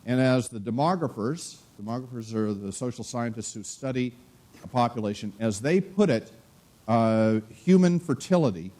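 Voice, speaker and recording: Halting professor with a mellow voice. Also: male voice, mid-range voice, lively intonation. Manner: halting, many uh fillers and restarts. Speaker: economics professor. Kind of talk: conference lecture. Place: conference room.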